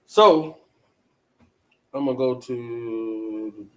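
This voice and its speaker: A man's voice: medium pitch, extremely slow, poor audio. A man hosting a talk show, chatting casually and putting questions to his listeners. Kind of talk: casual commentary.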